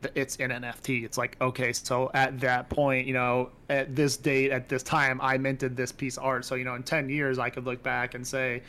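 A man's voice: medium pitch, completely flat delivery, moderate pace, hardly any pauses, bright, forceful tone, clear, resonant tone. Rambling casual male podcast guest. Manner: rambling, lots of fillers and restarts. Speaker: guest pixel artist.

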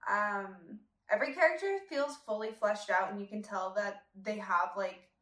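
A woman hosting a casual chat, talking in an animated way with lots of fillers. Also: medium pitch. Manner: animated, many "like" fillers, quick laughs. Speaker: podcast host. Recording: echoey room, voice a bit far from the mic.

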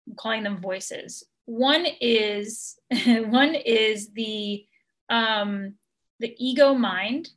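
Slow, gentle woman coach. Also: on the high side. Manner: gentle, measured and earnest, with many ums. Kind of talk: podcast interview answer.

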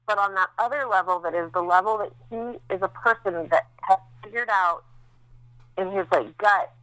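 Woman, 30s, podcast co-host, new mom; bright, chatty, candid, lots of fillers; dry close sound. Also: mid-range voice, normal speed, no echo, poor audio. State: recovering after recent childbirth. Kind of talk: casual chat.

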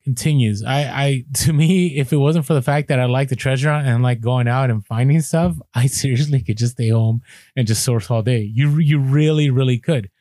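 A man co-hosting a podcast, telling stories in a chatty, animated way with lively asides. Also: mid-range voice, moderate pace, no room sound, studio quality. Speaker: podcast co-host. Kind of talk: casual podcast chat.

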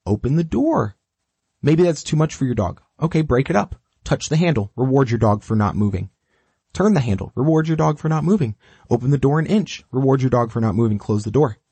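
A man's voice: mid-range voice, fairly quick, vocal fry, husky, no echo. A man teaching dog training, coaching step by step in a direct, repetitive way and acting out what the dog thinks. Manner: animated, acts out the dog's thoughts. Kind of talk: instructional talk.

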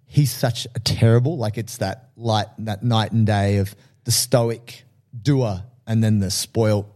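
A man chatting casually about favourite films, animated, swearing freely and acting out lines from the movies. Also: fairly low pitch, a little slow. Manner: animated, swearing, acts out film quotes.

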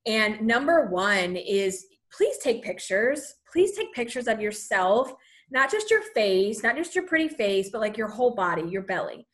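A pregnant woman in her thirties talks straight to her viewers in a relaxed, chatty way, full of "you know" and "like." Her voice sits a touch higher than most women's. She encourages her listeners and now and then runs a little short of breath. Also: moderate pace. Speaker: vlogger sharing pregnancy advice. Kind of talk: casual talk to camera.

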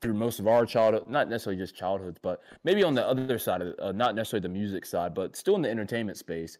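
A young man co-hosts a casual panel talk show, his voice sitting fairly low. He rambles through his points with plenty of fillers and restarts, and he gets giggly easily. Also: lively intonation, fast, a little mellow. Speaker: podcast co-host.

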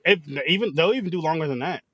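A man with a somewhat high voice talks in a casual chat. He hesitates and restarts often, and the recording is dry and close. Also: lively intonation, fast, a bit bright, slightly rough, dry recording. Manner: hesitant, full of fillers and restarts.

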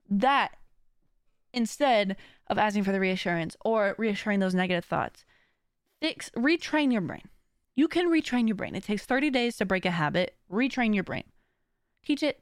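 A woman hosting a podcast, talking in a casual, animated and slangy way and laughing often. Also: on the high side, brisk, no echo, clean studio sound. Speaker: podcast host. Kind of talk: casual chat.

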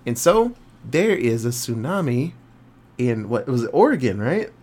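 A young man co-hosting a podcast, casually retelling a movie plot with animated quoted voices and some swearing. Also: medium pitch, unhurried. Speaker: podcast co-host. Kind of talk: casual movie review chat.

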